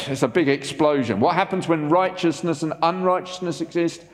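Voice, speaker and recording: A man preaching a sermon as pastor, animated and asking the congregation rhetorical questions. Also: on the high side, fast, hardly any pauses, long reverb tail.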